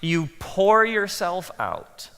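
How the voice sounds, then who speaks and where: A man speaking as a pastor to a live audience, telling animated stories and acting out his own thoughts in soft asides. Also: sits high, very slow, smooth, in a large hall. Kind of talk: talk to pastors, animated storytelling.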